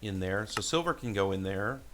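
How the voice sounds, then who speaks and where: A man's voice: lowish voice, lively intonation, moderate pace, a bit bright, a little hiss or hum. A man livestreaming a game from a room at home, thinking aloud and muttering to himself and his pets. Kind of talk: casual game livestream commentary.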